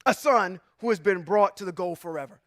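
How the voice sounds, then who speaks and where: High-pitched man teaching emphatically. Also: fairly quick, a bit bright, no echo, studio quality. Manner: emphatic, rhetorical questions, chuckles often; informal, says y'all and come on now. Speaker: religious teacher. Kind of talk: Bible teaching to a group.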